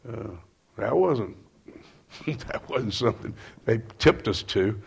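A man, a panel speaker, telling relaxed anecdotes and chuckling now and then. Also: on the low side, takes it slowly, gravelly, slightly rough. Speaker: panel speaker, former newspaper editor. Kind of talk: storytelling on a panel. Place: university event hall.

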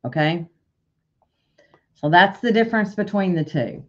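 Lowish-voiced woman teaching software, lo-fi. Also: measured pace. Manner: step-by-step, corrects herself aloud. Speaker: embroidery software instructor. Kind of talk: screen-share software tutorial. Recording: dull lo-fi sound.

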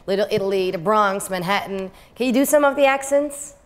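A woman's voice: mid-range voice, a little fast. A woman hosting an interview who asks casual, upbeat questions. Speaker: host. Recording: echoey with long reverb.

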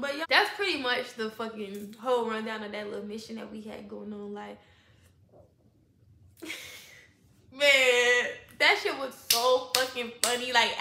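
A woman telling a storytime vlog straight to her viewers, animated and heavily profane. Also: on the high side, creaky, echoey room, a little hiss or hum. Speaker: vlogger.

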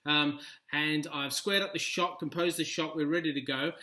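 A man's voice: on the high side, fairly even intonation, moderate pace, bright, forceful tone. A man with an Australian accent giving a playful, chatty how-to demonstration, recorded in a home kitchen on a laptop's built-in mic. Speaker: video tutorial presenter.

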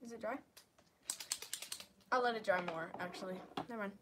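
A young woman live-streaming as she paints, chatting casually to her viewers in a rambling, self-deprecating way that often sinks into quiet murmurs. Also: medium pitch, moderate pace, background noise. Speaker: livestreamer.

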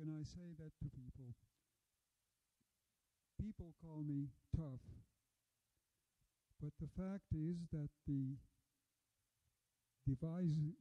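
A man, a guest speaker telling his story in a measured, reflective way and often restarting his sentences. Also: a little high. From Hungary. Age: 80s. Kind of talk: lecture and Q&A. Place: school lecture room. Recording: dull lo-fi recording.

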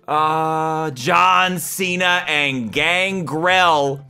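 A young man commenting excitedly on a wrestling sim game, jumping between loud outbursts and muttered asides. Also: a little high, extremely slow, gravelly, clean tone, faint music behind. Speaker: gaming YouTuber. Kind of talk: gaming commentary.

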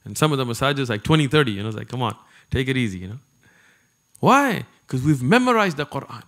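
A man giving an animated religious lecture to a live audience, talking conversationally and turning to the listeners with asides. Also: medium pitch, quick pace. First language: not Arabic. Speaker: Islamic preacher.

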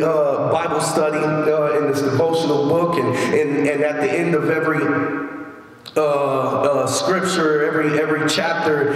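A middle-aged male pastor preaching a sermon, often repeating words and stumbling as he builds his points, recorded in a large church hall. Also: a little high. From United States. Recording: echoey church hall from far off.

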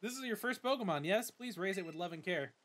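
A man's voice: high voice, expressive, fast, a bit bright, voice pushed up. A man voicing a formal, slightly pompous older male academy director while reading game dialogue aloud.

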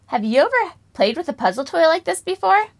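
A woman's voice: very high-pitched, sing-song, fairly quick, vocal fry. A young woman leading a preschool music lesson, singing and talking to toddlers with exaggerated wonder and lots of questions. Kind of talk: children's lesson, singing and toy play.

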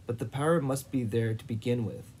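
Calm steady soldier guy, read by a man, warm mellow tone. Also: medium pitch, a little hiss or hum, natural voice, low-quality recording. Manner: calm and measured. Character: calm, measured male soldier.

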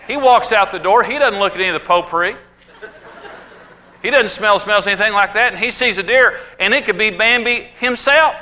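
A man gives a humorous marriage talk with a high, bright voice. He tells lively stories and acts out the voices of the people in them. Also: fairly quick, a little hiss or hum. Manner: animated storytelling, acting out quoted voices. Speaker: marriage teacher.

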